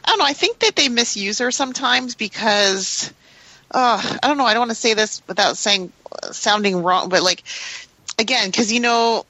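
A woman's voice: fairly high pitch, moderate pace, bright, forceful tone, no echo, poor audio. A woman co-hosting a podcast in casual discussion, hesitant with many fillers and restarts. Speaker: podcast co-host.

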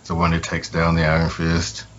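A man's voice: sits low, completely flat delivery, normal speed, slightly rough, dull audio. A man guesting on a podcast, laid-back and giving short replies. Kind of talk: casual chat.

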